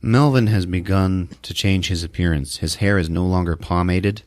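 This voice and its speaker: A man hosting a podcast, recapping a film in a jokey, animated storytelling manner. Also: low voice, moderate pace, dry recording, studio quality. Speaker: podcast host. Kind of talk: casual movie recap.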